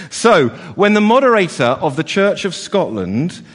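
Leading an all-age church service, this man has a high-sitting, very animated voice and talks a little slowly. He jokes around with the kids chattily, filling his speech with fillers and restarts, all under long church reverb.

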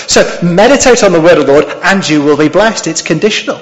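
A man's voice: a little high, brisk, hardly any pauses. Man preaching in an echoing hall. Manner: expository, asks the congregation questions. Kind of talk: sermon. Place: church hall. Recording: dull sound with long hall reverb.

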